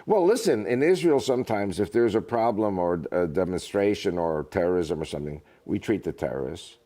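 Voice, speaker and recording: A low-voiced man speaks briskly as an interview guest, keeping things casual with energetic jokes and tales.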